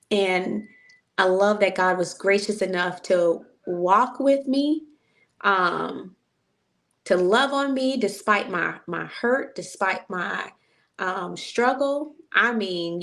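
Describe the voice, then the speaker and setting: Gravelly-voiced woman preaching her testimony. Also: mid-range voice, fairly bright tone. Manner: preachy, emotional, repetitive phrasing. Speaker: host. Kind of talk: casual testimony chat.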